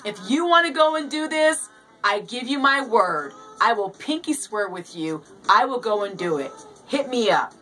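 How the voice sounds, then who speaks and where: A woman's voice: a little high, expressive, moderate pace, bright, forceful tone, slight background noise. A woman hosting her own casual show, giddy and playful, repeating words for fun. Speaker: show host. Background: faint music.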